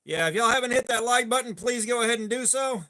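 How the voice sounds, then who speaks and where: A man's voice: very high-pitched, fast talker, pushed and bright. A man hosting a casual live stream, greeting viewers by name and rambling chattily between topics. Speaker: livestream host.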